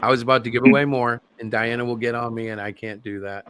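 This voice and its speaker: A man's voice: mid-range voice, steady tone, fast talker, a bit bright, a little hiss or hum. A man hosting a casual group livestream chat over a video call, joking and rambling, laughing often. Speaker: host.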